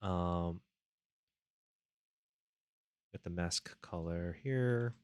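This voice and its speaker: Low, slow and a little mellow, this man's voice comes through clean with no echo. On a live coding stream of his game development, he mutters his thoughts aloud at a close desk mic and chats easily with viewers, thanking them as he reads chat.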